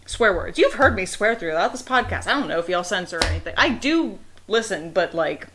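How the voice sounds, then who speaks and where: A young woman from the Pittsburgh area, with a Pittsburgh accent and a mid-range voice, guests as a reviewer on a casual podcast. She talks animatedly with quick asides and laughs, and there's background noise.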